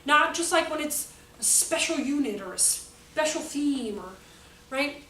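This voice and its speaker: A woman with a high voice talks to a room of teachers, chatty and quick to joke at her own expense. She sounds far from the mic, with a roomy echo and a faint hiss of background noise. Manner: chatty, joking, self-mocking, lively storytelling. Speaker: workshop presenter for teachers. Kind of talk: informal teaching talk.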